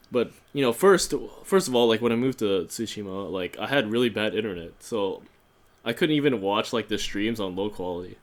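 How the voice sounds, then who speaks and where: A man co-hosting a casual fan podcast, rambling through anecdotes with lots of fillers and animated storytelling. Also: fairly low pitch, a little fast. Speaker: podcast co-host. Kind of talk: casual chat. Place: home in Japan.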